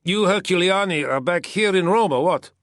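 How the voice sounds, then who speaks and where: A man's voice: sits high, moderate pace, fairly bright tone, no room sound, clean studio sound, pitched above the performer's own voice. A man voicing a blunt Roman soldier who delivers war news emphatically. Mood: curious.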